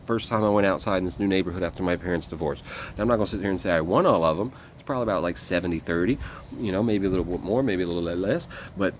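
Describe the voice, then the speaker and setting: Slight background noise accompanies this low male voice. The speaker, a guest, spins a loose, rambling tale of his time in the military, blunt and heavy on fillers and profanity.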